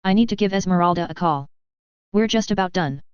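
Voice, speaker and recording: A woman's voice: fairly low pitch, brisk, clear, resonant tone, no room sound, muffled recording, close to an everyday voice. Woman reading a sardonic cowboy-hatted factory owner. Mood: wry. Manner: dry, sardonic. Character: wry laid-back male small-factory owner.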